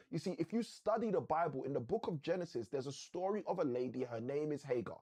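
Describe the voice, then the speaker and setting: A man hosting a live motivational session, telling a story like a preacher with slow, dramatic emphasis. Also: medium pitch, a little mellow, husky.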